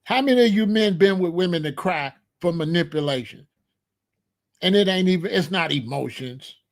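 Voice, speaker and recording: A man speaks in a fairly high voice. He argues his point emphatically in casual commentary, throwing out rhetorical questions and hammering key words again and again. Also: normal speed. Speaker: commentary host.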